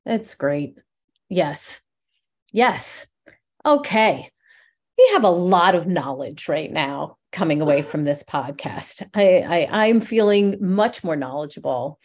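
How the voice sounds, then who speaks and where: A woman hosting a podcast, speaking with enthusiasm and rambling a little as she chats. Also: deep voice. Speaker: podcast host. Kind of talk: casual interview chat.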